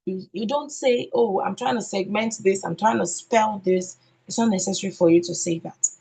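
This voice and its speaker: A woman's voice: lowish voice, darkish tone, low-quality recording. A woman training teachers in an online session, repeating key words and answering her own questions. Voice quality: husky. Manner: sounds out letters slowly.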